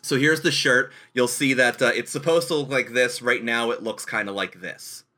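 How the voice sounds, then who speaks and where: A man hosts a loose video-call chat, cracking jokes and poking fun at himself. His voice is bright and forward, at an ordinary middle pitch. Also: fairly even intonation, moderate pace. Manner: joking, playful, self-mocking. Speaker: host. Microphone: webcam on a video call.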